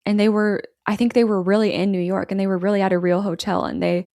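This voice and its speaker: A young woman tells a story in an animated, chatty way and slips into quick quoted lines from the characters. Her voice sits at a middle pitch. The sound is dry and close to the mic. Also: creaky, dry recording. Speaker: podcast co-host recapping a film. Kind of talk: casual chat.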